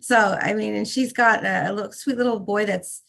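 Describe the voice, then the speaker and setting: Gravelly, effusive middle-aged woman. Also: mid-range voice, steady tone, normal speed, fairly bright tone, a little hiss or hum. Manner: effusive, motherly, fiercely protective. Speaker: co-host of a members' call. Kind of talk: casual group-call chat.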